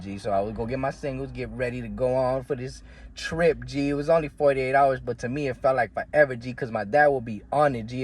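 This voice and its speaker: A man's voice: a little mellow, a little hiss or hum. A man telling a story from his life in casual, slangy, profane talk, often calling the listener "G" and "bro.". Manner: acts out the quoted voices in a much higher pitch.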